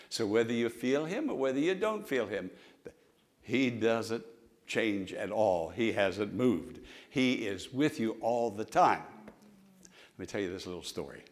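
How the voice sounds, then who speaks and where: A man's voice: lowish voice, animated, measured pace. A man preaching a sermon in a church, with emphatic repetition and call-and-response. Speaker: pastor. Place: church sanctuary.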